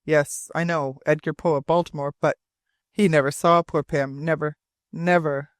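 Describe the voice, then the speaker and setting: A rough frontier sailor who stumbles over his words and repeats himself with stubborn emphasis, as a man reads him in an audiobook. The voice sits a little high and the recording is dry and close. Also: little pitch movement, moderate pace, no room sound, natural voice. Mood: fervent. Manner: broken, repetitive, emphatic phrasing. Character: rough, halting old frontier sailor, insistent.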